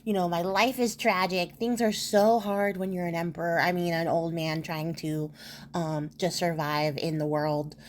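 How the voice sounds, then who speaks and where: A woman voicing an old male beggar who whines theatrically about his hard life, slow and self-pitying. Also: lowish voice, little pitch movement, a little hiss or hum, natural voice. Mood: whining. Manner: slow, whiny, put-on theatrical woe.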